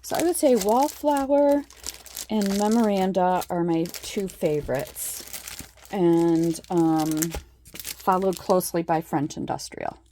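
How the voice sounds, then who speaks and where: A woman's voice: on the low side, slow pace, warm tone, a little hiss or hum. A middle-aged woman in a casual craft show-and-tell, chatting with lots of fillers and admiring asides. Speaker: craft vlogger.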